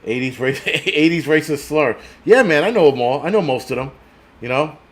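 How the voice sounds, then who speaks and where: Middle-aged guy ranting on a livestream, swears a lot, rambles and laughs, voice a bit high. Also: expressive, moderate pace. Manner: profane, rambling, laughs often; answers chat comments. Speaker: prepper channel host. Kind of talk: casual livestream rant.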